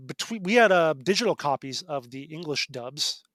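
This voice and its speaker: A man's voice: on the high side, animated, normal speed, a bit bright, dry recording. A middle-aged man, a game designer, telling stories as a podcast guest and often restarting and correcting himself mid-sentence. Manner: rambling, self-correcting storyteller. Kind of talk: casual podcast conversation.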